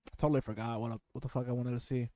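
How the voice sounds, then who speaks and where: A man's voice: mid-range voice, flat delivery, very fast, mellow, no echo. A man chatting casually on a live stream, loose and profane with slang.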